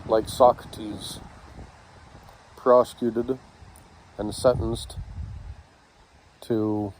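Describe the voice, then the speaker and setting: Man, instructional talk, halting short phrases, unhurried, faint traffic hum behind. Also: on the low side, flat delivery, a little mellow, low-quality recording. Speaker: communication instructor.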